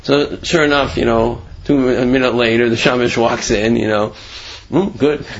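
A man's voice: mid-range voice, fairly even intonation, moderate pace, vocal fry, highs cut off. A man casually telling a religious tale in a rambling way, with many "you know"s. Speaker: storyteller.

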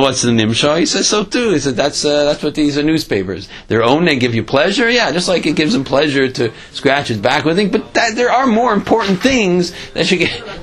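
A man's voice: fairly high pitch, low-quality recording. A man giving a Torah class, telling a parable animatedly and voicing its characters, with many fillers and restarts. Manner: animated storytelling with voiced characters.

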